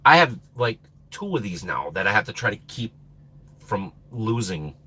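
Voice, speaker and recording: A man hosting a live stream chats in a loose, rambling way, laughing and losing his train of thought. His voice is bright and slightly husky, and it swoops up and down in pitch. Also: sing-song, moderate pace. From Minnesota. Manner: rambling, laughs often, trails off. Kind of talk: casual live stream chat.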